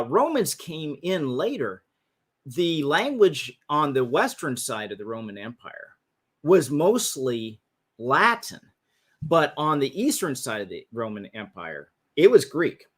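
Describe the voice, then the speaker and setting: This livestream host has a slightly high, sing-song voice that's a bit bright and husky, and he takes things slowly. Speaking into a livestream mic, he casually teaches history from slides, often starting phrases over.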